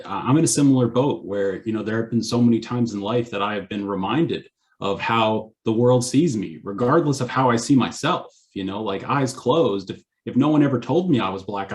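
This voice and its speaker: A man who grew up in Canada, a physician speaking on a discussion panel and telling stories from his life in an earnest, animated way. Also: mid-range voice.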